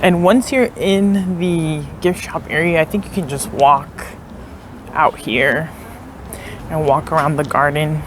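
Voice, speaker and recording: A young woman with a deep voice takes her time as she vlogs a tour of a historic house, outdoors and in the tourist building. She chats casually to viewers, filling her talk with "like" and unsure asides, with slight background noise.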